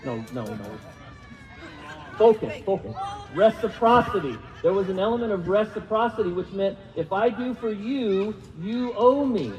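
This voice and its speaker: A man's voice: high voice, animated, moderate pace, warm tone, some chatter behind. A man preaching a sermon in a chatty, self-deprecating way, asking the congregation to repeat words. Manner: conversational, self-deprecating, asks the room questions. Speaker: pastor. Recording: reverberant hall, dull lo-fi sound.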